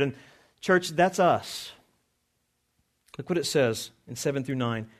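A pastor preaching a sermon, reading scripture and driving points home, dropping low then rising with emphasis. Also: male voice, lively intonation, unhurried, pauses often. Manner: emphatic preaching with swings from quiet to raised.

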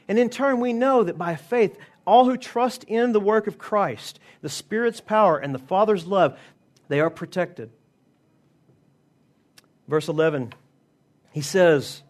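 A high-voiced man delivers a sermon. He preaches emphatically and slows right down to stress key phrases. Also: lively intonation. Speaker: pastor.

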